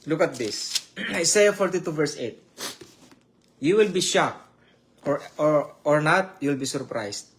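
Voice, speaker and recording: Guy preaching, kinda high voice, emotional, repeats himself a lot. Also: lively intonation. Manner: emotional, repetitive, halting. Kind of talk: online sermon with prayer.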